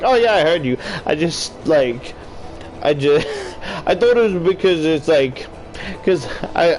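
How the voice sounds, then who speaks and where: A young man from Australia rambling in a casual gaming stream chat, swearing often and getting loud when worked up, talking into a desk mic at home. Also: on the high side. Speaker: YouTuber. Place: home room while gaming.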